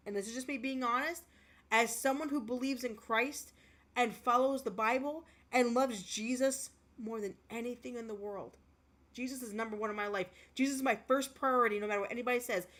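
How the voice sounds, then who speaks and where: A woman's voice: fairly high pitch, a bit bright. A woman livestreamer chatting with her viewers, speaking in an impassioned, earnest way. She is emotional and close to tears, and she repeats herself as she talks. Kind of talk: casual livestream chat with viewers.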